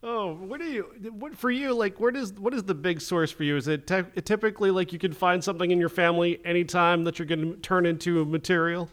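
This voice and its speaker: A man's voice: sits high, brisk, few pauses, fairly bright tone. A man hosting a casual interview who chats and laughs along with his guest. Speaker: interview host.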